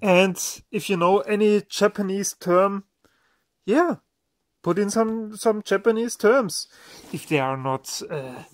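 A man's voice: high-pitched, takes it slowly. A man hosting a casual unboxing, marveling aloud with exclamations as he presents each item. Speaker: electronics video host.

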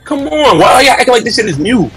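A man on a headset mic giving loud, heated live commentary on fighting-game matches, shouting often, repeating himself and trash-talking with profanity. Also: very high-pitched, fast talker, faint music behind. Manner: loud, excitable trash-talk with frequent shouting.

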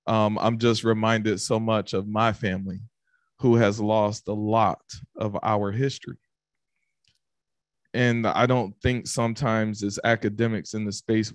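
A man's voice: lowish voice, no room sound, clean studio sound. A male professor giving earnest, reflective remarks to the room at a public session. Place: event room.

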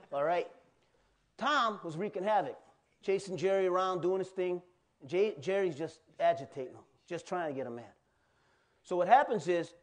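Animated man preaching a sermon. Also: high-pitched. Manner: animated, colloquial preaching with asides to the congregation. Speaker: pastor.

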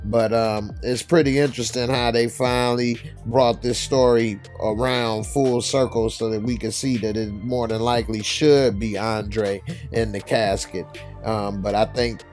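A man's voice: medium pitch, fairly even intonation, a little slow, a little mellow, faint music behind. A man casually recapping a TV episode in a laid-back, slangy way, with many filler words. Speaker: TV episode reviewer.

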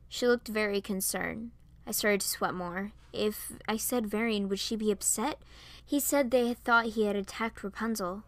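A woman's voice: medium pitch, normal speed, dry recording. A young woman reads her fan story aloud in first person, often stammering and sounding nervous. Her voice sits mid-range for a woman. The recording is dry and close, with no room sound. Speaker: fan fiction narrator. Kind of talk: first-person story reading with character lines.

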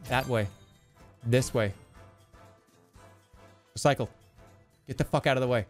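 A man streaming a game live, giving excitable, profane, self-mocking commentary as he plays. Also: mid-range voice, unhurried, pauses often, faint music behind.

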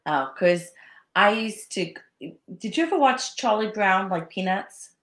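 A woman's voice: medium pitch, lively intonation, a little slow, fairly bright tone. A woman hosting an interview, asking questions and sharing her own experiences in a conversational way. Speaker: host interviewer. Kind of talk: casual interview chat. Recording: echoey room.

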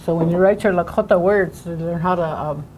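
A woman teaching a language class, sounding out words slowly syllable by syllable. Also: fairly low pitch, darkish tone, a little hiss or hum. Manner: slow, drawn-out syllable-by-syllable pronunciation.

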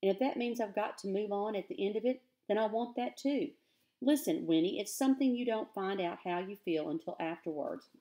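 A woman's voice: mid-range voice, brisk, mellow, natural voice. A woman voicing a weary, earnest rustic father who talks in plain country grammar. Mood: pleading.

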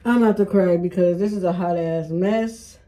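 A frustrated woman chats and grumbles to her viewers while fixing a wig. Her voice is mellow and dark, and she swears freely in an easy, casual way. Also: fairly low pitch, moderate pace. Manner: frustrated, profane, talking to viewers. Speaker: beauty vlogger. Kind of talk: casual self-filmed hair vlog.

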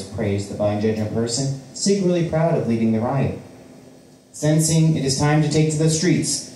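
A man's voice: mid-range voice, moderate pace, dark tone, a little hiss or hum. A man performing his spoken-word poetry at an open mic, with a rhythmic, declamatory delivery. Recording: very echoey room, voice from a distance.

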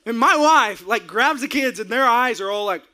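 A man preaching a sermon, his voice pitched unusually high for a man. He tells a lively story with energy, raising his voice to shout and then laughing. The tone is forceful and bright. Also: moderate pace. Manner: animated, acts out his own outbursts with shouting and laughter. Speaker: pastor.

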